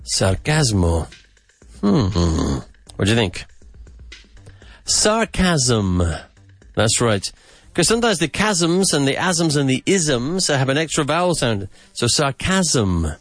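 A man hosting a podcast vocabulary lesson, repeating words slowly and with emphasis. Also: mid-range voice, sing-song, no echo, soft background music. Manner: slow, emphatic repetition of words. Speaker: English teacher and podcast host.

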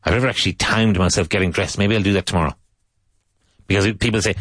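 A very low-pitched man teaches English over the radio in a loose, chatty way, wandering off topic and restarting his sentences. He drills each vocabulary word slowly, several times over. The voice is close and dry, with no room sound. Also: fairly even intonation, a bit bright, no room sound. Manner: rambling and chatty, with frequent restarts; slow, repeated drilling of vocabulary words. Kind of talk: casual radio English lesson.

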